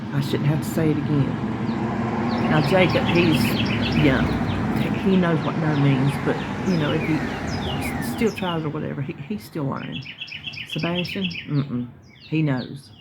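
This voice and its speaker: Birds chirp as a middle-aged vlogger with a Southern US accent, from North Carolina, talks to her viewers in a rambling, folksy, casual way from her yard. Her voice is low-pitched, and the recording is very noisy.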